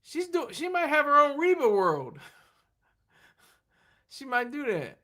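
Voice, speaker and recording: Bright-voiced rambling livestream host. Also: high-pitched, big pitch swings, unhurried. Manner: rambling, laughs often, reads and answers chat; tired, running on fumes. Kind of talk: rambling casual livestream chat.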